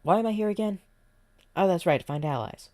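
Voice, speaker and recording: A man's voice: high voice, lively intonation, brisk, mellow, no room sound, voice pushed up. A man voicing a breezy young woman named Izumi.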